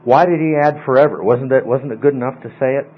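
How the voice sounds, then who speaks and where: A man leads a Bible study class, walking his students through verb tenses and word meanings and pausing often to check that they follow. The sound is thin and phone-like, with a faint hum of mains power behind him. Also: mid-range voice. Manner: explanatory, often asks okay.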